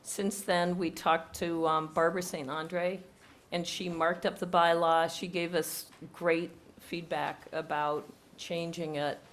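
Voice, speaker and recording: A woman's voice: fairly low pitch, level tone, slow pace. A woman with a cold and a nearly lost voice, presenting a proposed bylaw at a town hearing, speaking close into a microphone and explaining it step by step. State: hoarse from a cold, voice nearly gone. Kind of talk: formal presentation at a public hearing. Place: town meeting room. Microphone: speaks close into a table microphone.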